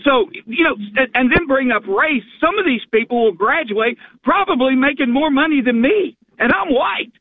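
A man's voice: very high-pitched, expressive. A man from Arkansas calling in to a radio show, speaking earnestly and in a hurry. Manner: earnest, hurried. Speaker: caller. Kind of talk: call-in talk. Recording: tinny phone line.

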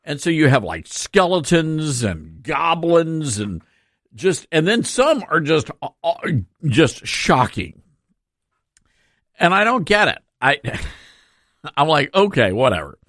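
A man's voice: on the high side, big pitch swings, slow pace, long pauses, fairly bright tone, no room sound, studio quality. A man hosting a talk radio show, sarcastic and opinionated, laughing through his asides.

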